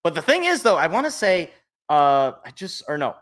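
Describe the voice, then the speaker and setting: Animated man hosting a sports chat. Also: on the high side, normal speed. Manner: animated, jokey, thinks aloud. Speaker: sports podcast host. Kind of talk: casual chat.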